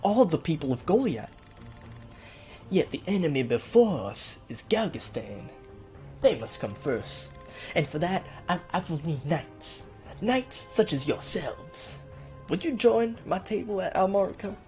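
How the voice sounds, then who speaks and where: A man voicing a pompous, scheming middle-aged duke in a game let's play, with a nasal, weaselly twang and formal, drawn-out courtly speech. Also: sits high, very animated, a little mellow, faint music behind. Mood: commanding.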